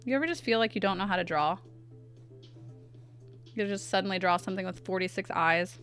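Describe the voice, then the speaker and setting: Bright-voiced woman chatting on stream. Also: mid-range voice, brisk, soft background music. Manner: chatty, reads chat aloud and answers it, self-deprecating. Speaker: art streamer. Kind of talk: casual live-stream chat while drawing.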